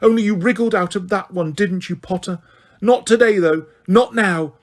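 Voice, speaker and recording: A cruel middle-aged witch official with a sugary, breathy voice, put on by a male audiobook narrator. She sounds eager and menacing, and the voice sits high above the reader's own with a lot of push behind it. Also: normal speed, lightly acted. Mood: gloating.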